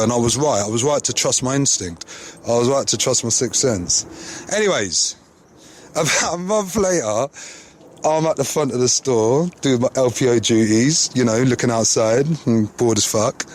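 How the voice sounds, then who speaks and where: A man's voice: medium pitch, moderate pace, slight background noise. Slangy man telling a story. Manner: slangy, swears freely. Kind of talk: casual anecdote.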